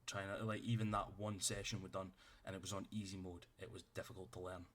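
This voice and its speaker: A game master speaks through a streaming setup in a low, level, fairly bright voice, talking fast. Out of character during a tabletop session, he rambles and swears a lot.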